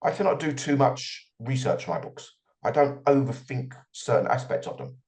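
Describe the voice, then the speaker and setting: A man's voice: medium pitch, lively intonation, moderate pace, darkish tone. A middle-aged man answering as an author guest in an interview, reflective and often repeating his words as he starts a thought.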